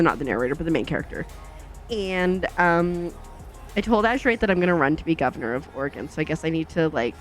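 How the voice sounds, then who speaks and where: A gaming channel host chatting casually while driving in a truck game, rambling with many fillers and self-corrections and acting out past thoughts in quoted asides. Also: medium pitch.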